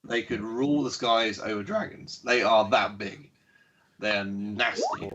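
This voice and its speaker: A man's voice: on the low side, steady tone, measured pace, fairly bright tone. A man running a tabletop game as dungeon master, describing scenes with many fillers and chuckles. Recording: muffled lo-fi stream audio.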